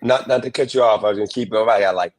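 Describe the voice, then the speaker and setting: A man's voice: fairly low pitch, rapid-fire, poor audio. A man hosting a livestream interview, asking questions in an easygoing, meandering way full of ums.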